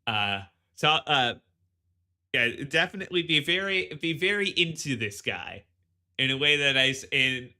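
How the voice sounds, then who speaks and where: A man's voice: on the high side, expressive, moderate pace, bright, forceful tone. A man streaming a game, chatting casually and rambling with lots of restarts and laughs. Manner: rambling, full of fillers and restarts, laughing often.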